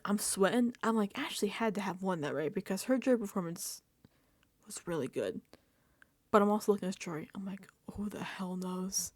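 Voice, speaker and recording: Into a desk microphone, a woman hosts a casual reality TV recap, animatedly acting out her own reactions and quotes. Her voice is mid-range and the recording is dry.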